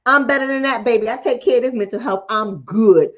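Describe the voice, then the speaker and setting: A woman's voice: on the high side, brisk, dull audio. A woman hosting a mental health livestream in casual chat, blunt and profane, talking straight to her viewers. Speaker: mental health talk show host.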